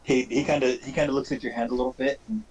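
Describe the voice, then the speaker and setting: A man narrating a tabletop game as game master, casual and halting, with frequent fillers and restarts. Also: mid-range voice, fairly even intonation, a little mellow, husky, low-quality recording.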